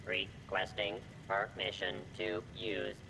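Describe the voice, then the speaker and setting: A man's voice: fairly low pitch, completely flat delivery, slow pace, gravelly, long reverb tail, noisy background, heavily acted. A man voicing a curt robot first mate in a video game, with clipped robotic replies. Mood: dutiful.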